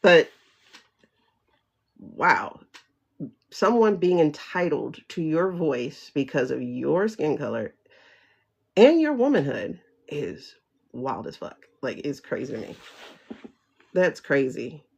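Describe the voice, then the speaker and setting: A woman with a low, gravelly voice hosts a casual livestream, swinging her pitch up and down as she talks. She speaks frankly and swears freely, laughs often, and answers viewer comments as she reads them out. The audio is dull and lo-fi. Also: sing-song, takes it slowly, pauses often. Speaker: livestream host.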